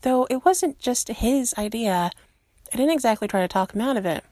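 A woman's voice: a little high, expressive, normal speed, warm tone, no room sound, pitched above the performer's own voice. A woman voicing a brash, eager young woman hero who talks in an earnest, keyed-up rush.

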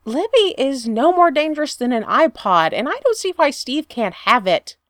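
A woman's voice: high-pitched, very animated, normal speed, fairly bright tone, dry recording, clean studio sound. A woman reading the lines of an exasperated young woman who pleads and snarks at her boss.

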